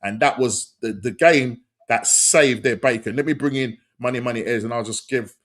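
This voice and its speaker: Excitable football podcast host. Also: male voice, medium pitch, normal speed. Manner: excitable, repeats shout-outs. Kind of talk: casual football chat.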